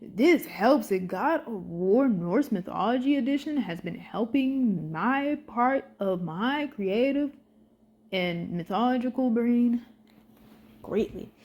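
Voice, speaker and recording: Animated young woman gushing as a fan. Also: a little high, slow. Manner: excitable and animated, swears freely, uses slang. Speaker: vlogger. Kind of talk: casual fan commentary.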